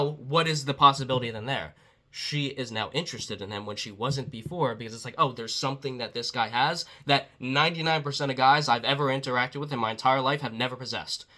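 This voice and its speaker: A man talking as a dating coach in a casual motivational talk, blunt and profane, quoting others in quick asides. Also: medium pitch, bright, forceful tone.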